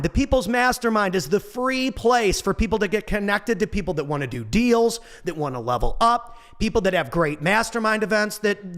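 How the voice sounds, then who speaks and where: Casting: man in his 40s, high-pitched, loose motivational talker with a goofy streak. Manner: animated, goofy, swears casually. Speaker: motivational speaker. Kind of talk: motivational monologue.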